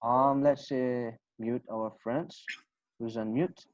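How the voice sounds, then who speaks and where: Patient low-voiced woman teaching over a video call. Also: fairly even intonation, darkish tone. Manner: encouraging, repeats words slowly for learners. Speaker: English teacher. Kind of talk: online class teaching. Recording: dull lo-fi video call audio.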